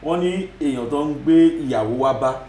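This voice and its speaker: A man's voice: a little high, fast talker, mellow, reverberant, slight background noise. A man with a Nigerian Yoruba accent, speaking as a guest commentator in a TV studio interview, emphatic and repeating his points. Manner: emphatic, repetitive, mixes in Yoruba phrases.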